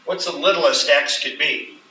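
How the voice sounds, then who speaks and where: A man's voice: fairly high pitch, a little slow, sharp tone. A male math teacher lecturing a classroom, explaining step by step and often checking in with "right?". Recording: roomy, distant, dull classroom recording.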